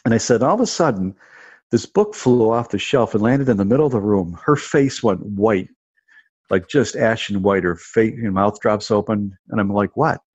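A man's voice: on the low side, moderate pace, breathy edge, dry recording. A man in his fifties casually telling a personal story, rambling, restarting and repeating himself a lot. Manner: rambling, restarts and repeats words, lots of "you know" and "like". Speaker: guest telling personal stories. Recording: dull dry lo-fi recording.

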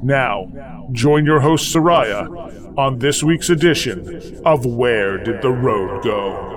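A man reading a scripted show intro in a measured, deliberate way. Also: medium pitch, expressive, crowd noise. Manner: slow, measured delivery. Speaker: show announcer. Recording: over music. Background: music.

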